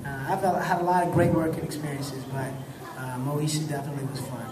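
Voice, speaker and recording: A man's voice: on the high side, brisk. A man in his thirties telling laid-back, laughing stories about his acting work, acting out the voices of the people in them. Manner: laid-back, laughing often, animated when acting out quotes. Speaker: actor telling stories at a fan convention panel. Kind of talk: casual storytelling. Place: convention hall with an audience. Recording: echoey hall, distant mic, crowd noise.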